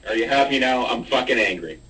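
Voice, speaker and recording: A man's voice: medium pitch, lively intonation, fast talker, recorded from a distance, a crowd in the background, low-quality recording. A man in casual, heated group chat who swears freely and mocks himself bluntly. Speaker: chat room participant.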